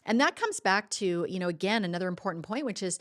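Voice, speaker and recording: A woman's voice: mid-range voice, animated, quick pace. Earnest middle-aged female co-host. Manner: earnest, warm-hearted, many "like" fillers. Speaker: co-host, life coach. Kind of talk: casual podcast conversation.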